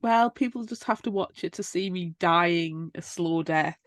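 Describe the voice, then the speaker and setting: A woman's voice: on the low side, unhurried, no room sound, studio quality. A woman co-hosting a casual book chat over a video call, laughing often. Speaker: podcast co-host.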